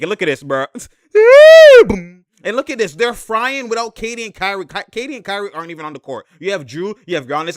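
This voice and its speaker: A man giving a slangy, excited breakdown of basketball game film, laughing often and repeating himself. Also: a little high, no room sound, clean studio sound.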